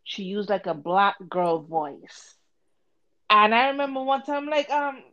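A woman's voice: on the high side, measured pace. Woman ranting on a podcast, blunt and swears a lot, kinda muffled audio. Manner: blunt, heated, swears freely, animated storytelling. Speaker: podcast co-host. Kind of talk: casual chat.

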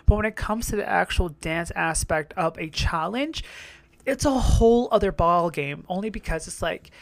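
A woman's voice: fairly low pitch, animated, normal speed, no echo. Chatty, swearing young woman reacting to a show. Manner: chatty, swearing, laughing asides. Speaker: reaction vlogger. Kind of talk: casual reaction commentary.

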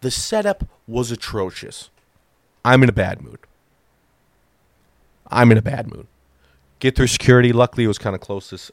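A man telling a long comic story in a profane, animated way, acting out the lines of the people in it. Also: lowish voice, dry recording. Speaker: comedian. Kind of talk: stand-up storytelling.

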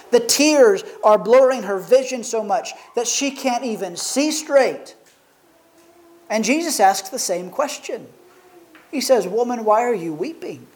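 A mid-range-voiced preacher gives a sermon, first reading from scripture and then offering earnest reflection. His delivery relies on posing rhetorical questions to the audience, and the recording quality is poor.

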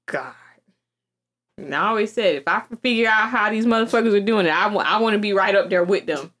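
A woman's voice: medium pitch, fairly quick, a bit bright. A woman co-hosting a podcast in casual chat, reacting emphatically and swearing now and then. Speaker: podcast co-host.

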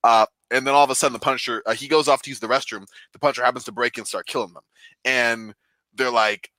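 Excitable rambling man on a video call. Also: medium pitch, fast talker, dry recording, low-quality recording. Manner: excitable, rambling with many fillers. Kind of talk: casual chat, retelling comic stories.

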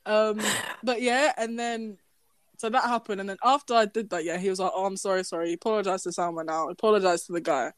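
A young woman telling a story in casual chat, animated, swearing, breaking into laughter. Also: medium pitch, quick pace, no room sound.

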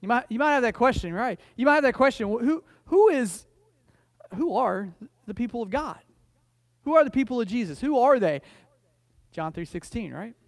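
High-voiced, dry-sounding man preaching. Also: expressive, normal speed, pauses often, dry recording. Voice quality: frequent restarts and repeated words. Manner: conversational, storytelling preacher who rises to emphatic declarations. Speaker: pastor. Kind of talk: sermon.

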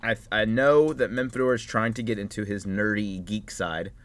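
A man's voice: on the low side, fairly even intonation, normal speed, a bit bright. A man co-hosting a casual chat, easygoing and rambling, with lots of hedges. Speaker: podcast co-host.

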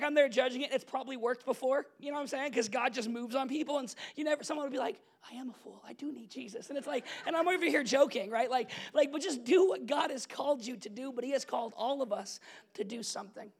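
A young adult man preaching a casual, story-driven sermon as pastor, animated and conversational, laughing often and checking in with the congregation. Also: very high voice, fast talker. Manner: animated, conversational, laughs often, asks "you know what I'm saying?".

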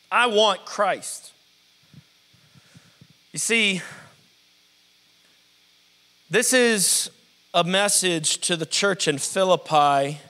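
A man preaching a lively call-and-response sermon, stretching out scripture words for emphasis. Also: high voice. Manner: energetic, drawn-out emphasis on scripture. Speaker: pastor. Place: church sanctuary. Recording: live sermon in a reverberant hall.

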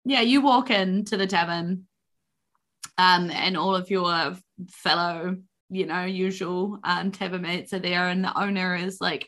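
A woman's voice: lowish voice, fairly even intonation, a little slow, fairly bright tone. A woman narrating a tabletop game as game master in casual, filler-heavy talk.

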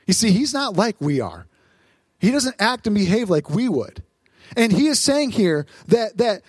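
High-voiced preaching man, dry sound. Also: a little slow, slightly rough, no room sound. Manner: lively preaching, acting out voices and asking the crowd. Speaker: pastor. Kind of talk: sermon.

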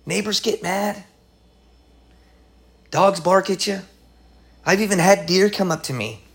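A man giving a casual, excitable Bible teaching, full of slang and asides. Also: high voice. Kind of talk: casual Bible study talk.

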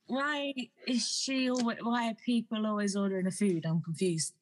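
A woman's voice: mid-range voice, steady tone, normal speed. A woman guest in a casual chat, giggling and asking questions.

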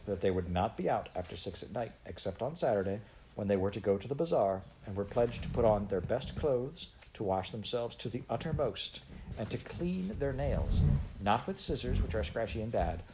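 A man reading a children's novel aloud in an unhurried, gently expressive way. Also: on the low side, background noise. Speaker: audiobook reader.

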